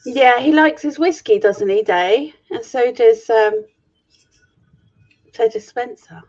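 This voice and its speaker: A woman's voice: a little high, slow pace, a little mellow. A woman co-hosting a casual live chat, giggly and teasing. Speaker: co-host. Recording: dull lo-fi stream audio.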